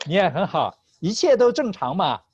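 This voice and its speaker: A man's voice: high voice, big pitch swings, moderate pace, a little mellow, husky, no echo. A male teacher running an online class, patient, switching between Chinese and English and laughing often. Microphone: video call. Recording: slightly dull video call audio.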